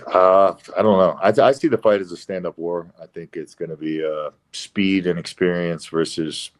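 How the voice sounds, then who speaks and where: A middle-aged man, a professional fighter as interview guest, talking bluntly in a halting way with fillers and some swearing. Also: low voice, steady tone. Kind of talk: casual interview.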